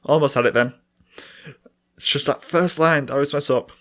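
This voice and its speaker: A man's voice: on the high side, brisk, a bit bright. Rambling young man with a dry, sore throat. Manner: rambling, self-mocking, laughs often. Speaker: podcast co-host. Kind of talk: casual solo chat and singing along.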